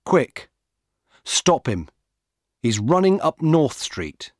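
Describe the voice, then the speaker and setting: A man's voice: fairly high pitch, very animated, drawn-out words, darkish tone, dry recording, studio quality, voice pushed up, exaggerated voice. A man reading a storybook aloud, voicing a curt male police officer.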